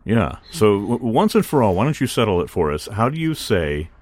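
A man's voice: on the low side, sing-song, fairly quick, darkish tone, no echo. A man hosting a podcast in casual chat, joking and often laughing at himself. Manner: jokey, laughs often, self-deprecating. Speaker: podcast host.

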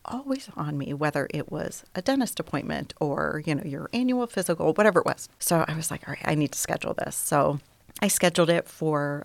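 Low soft-spoken woman with a gravelly voice. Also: dry recording. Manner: soft-spoken, often dropping to a near whisper. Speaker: guest. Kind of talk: personal story in an interview.

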